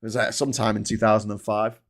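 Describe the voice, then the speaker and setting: A man's voice: lowish voice, little pitch movement, quick pace. A man from England hosting a casual live chat on his small YouTube channel, reading headlines and viewer comments aloud with rambling asides and frequent swearing. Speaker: YouTube host.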